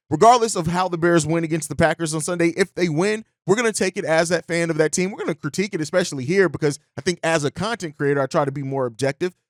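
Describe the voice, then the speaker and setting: A man's voice: a little high, no echo, studio quality. A man hosting a podcast in a casual, conversational way, often checking in with "right?". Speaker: podcast host.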